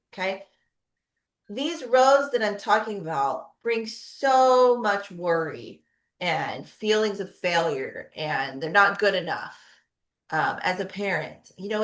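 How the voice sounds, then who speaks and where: Middle-aged woman therapist, talky presenter with a medium-pitched voice, recorded in an echoey room. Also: a bit bright. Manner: conversational, frequent tag questions. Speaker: pediatric physical therapist. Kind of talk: webinar presentation.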